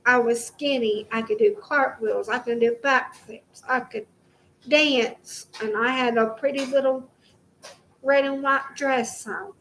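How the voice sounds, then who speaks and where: High-voiced woman ranting angrily at home. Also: steady tone, measured pace, a bit bright, a little hiss or hum, poor audio. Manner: heated, swearing, repetitive. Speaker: vlogger. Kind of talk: angry direct-to-camera rant.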